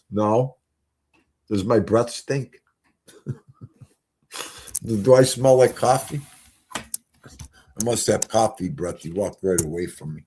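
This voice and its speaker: With a creaky, mid-range voice, a man runs a relaxed livestream, talking to his guests and the chat. He rambles and becomes emotional along the way.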